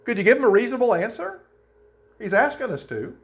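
Man preaching, lively rising pitch, fairly high voice, scripture readings, dull lo-fi sound. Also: fast. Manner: animated preaching, reads scripture aloud, rising emphatic questions. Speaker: pastor. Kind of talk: sermon.

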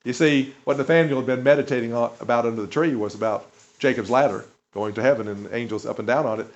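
A man's voice: mid-range voice, fast talker. A man preaching a sermon, retelling stories with emphasis, chuckles and asides to the audience. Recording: dull lo-fi recording.

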